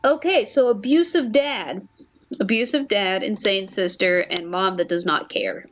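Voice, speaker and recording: A woman's voice: mid-range voice, measured pace, a little hiss or hum. Young female streamer, chatty and self-mocking, lo-fi headset sound. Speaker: game streamer. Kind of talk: casual let's-play commentary and reading.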